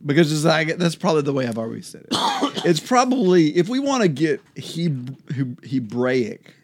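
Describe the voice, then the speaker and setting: Rambling middle-aged podcast co-host, dry sound. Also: male voice, a little high, very animated, normal speed, no room sound. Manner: rambling, self-interrupting, laughs easily. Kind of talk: casual chat about Bible study.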